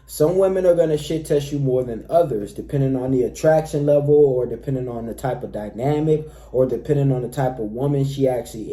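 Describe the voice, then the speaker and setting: Male dating coach, very mellow voice, emphatic, roomy reverb. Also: medium pitch. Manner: emphatic, repeatedly says "all right, fellas". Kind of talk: direct-to-camera advice talk.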